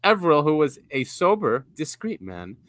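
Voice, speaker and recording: A man co-hosting a casual podcast, relaxed and chuckling as he reads articles aloud to his co-host. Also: on the high side, normal speed, no echo.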